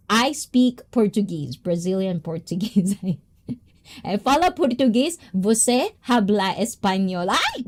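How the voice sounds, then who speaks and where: A Filipina woman chats on her livestream with an excitable, giggly energy. Her pitch leaps around lively and she slips easily between languages. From Philippines. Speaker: livestream host. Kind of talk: casual livestream chat.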